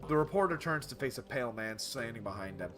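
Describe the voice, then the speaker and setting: Low-voiced male streamer narrating a game, dry asides, music behind. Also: fairly quick, sharp tone. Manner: wry asides between read lines. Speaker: streamer reading a game aloud.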